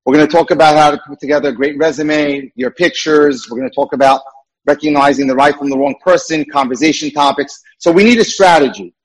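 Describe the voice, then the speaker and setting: A man's voice: fairly high pitch, level tone, brisk, low-quality recording. A man who works as a dating mentor, giving an emphatic lecture with repeated points.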